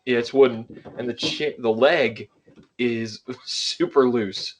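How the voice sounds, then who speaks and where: A man's voice: medium pitch, slow pace, noisy background. Tipsy, rambling man in casual chat. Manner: rambling, self-mocking. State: a little drunk.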